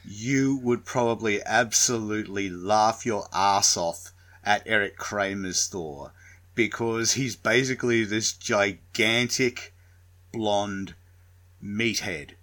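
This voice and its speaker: Slow-talking man chatting casually. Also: lowish voice. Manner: swears freely, animated asides. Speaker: podcast co-host. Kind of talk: casual chat.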